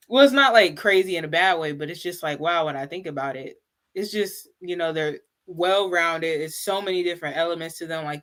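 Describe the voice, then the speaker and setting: A woman's voice: on the low side, a bit bright. Woman, guest, casual chat, chatty, loose filler-heavy talk. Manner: chatty, uses many "like" fillers.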